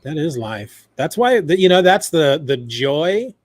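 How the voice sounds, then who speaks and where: A man's voice: a little high, very animated, unhurried, no echo, studio quality. A man co-hosting a podcast from home, chatting loosely and jokingly with lots of restarts. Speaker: podcast co-host. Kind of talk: casual behind-the-scenes chat.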